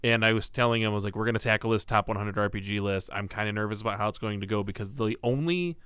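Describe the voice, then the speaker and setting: A man's voice: on the low side, fast talker, a bit bright, smooth, no echo. A man in casual podcast chat, rambling and chatty with lots of fillers.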